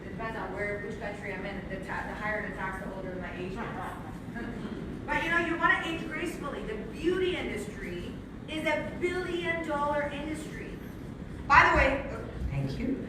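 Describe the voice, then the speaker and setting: A Canadian woman in her sixties gives an energetic business pitch to a live audience in a large room, firing rapid questions at the crowd. Her voice is strained from shouting into a handheld mic. The recording is very noisy and was captured from a distance in a very echoey hall.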